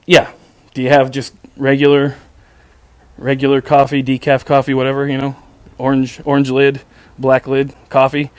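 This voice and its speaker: A man's voice: mid-range voice, completely flat delivery, normal speed, a little mellow, clean tone, no echo. Man, sarcastic storyteller, exasperated, swears, stammers, dry sound. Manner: repetitive stammering restarts. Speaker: podcast host. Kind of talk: casual storytelling monologue.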